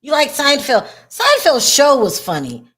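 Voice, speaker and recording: Woman, livestream host, slightly high voice, chatty, laughs a lot. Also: a little slow, background noise. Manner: laughs often, chatty and expressive. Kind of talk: casual livestream chat.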